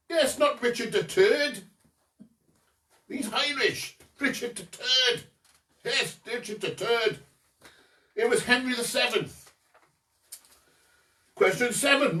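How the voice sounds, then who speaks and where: A quiz host at home, this man has a very high, sharp-toned voice as he reads out questions, answers them himself, and tosses in jokey asides. The mic is distant and the room echoes.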